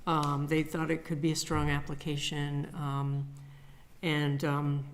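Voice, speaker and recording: A woman who is a town planner giving a halting update at a public meeting. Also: sits low, completely flat delivery, a little hiss or hum. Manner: hesitant, many fillers.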